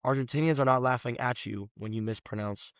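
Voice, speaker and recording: A man, a guest telling animated, slangy stories on a casual podcast. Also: medium pitch, a little fast, dry recording. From Los Angeles, USA. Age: 20s. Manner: animated storyteller, slangy, says "bro" often.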